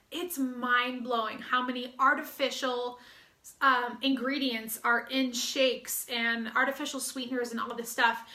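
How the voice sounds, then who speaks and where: Upbeat American woman, bright and high. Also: roomy sound. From United States. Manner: upbeat, chatty, with fillers and restarts. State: slightly out of breath. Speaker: fitness business coach. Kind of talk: promotional recruiting talk.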